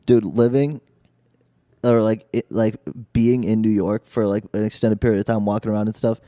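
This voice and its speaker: A man's voice: fairly low pitch, normal speed, no room sound, clean studio sound. A man guesting on a podcast as a comedian, telling stories with lots of "dude" and frequent laughter. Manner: animated storyteller, says "dude" a lot, laughs often. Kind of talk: casual storytelling chat.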